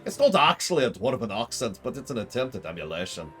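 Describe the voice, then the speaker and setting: A man's voice: mid-range voice, sing-song, fast, sharp tone, soft background music. A man streaming a game, commenting in a sarcastic, rambling way. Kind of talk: casual commentary.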